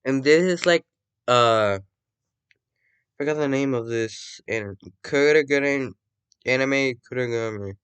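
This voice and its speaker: A man's voice: medium pitch, takes it slowly, pauses often, fairly bright tone, clear, resonant tone. A young man improvising a fan story, rambling, swearing, and correcting himself often.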